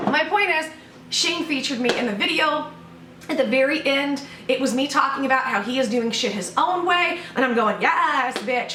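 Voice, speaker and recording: A woman YouTuber films a sarcastic, mock-outraged vlog rant at home, swearing throughout. Her high-pitched, sharp voice sounds reverberant and distant from the mic, with a little hiss or hum in the home room.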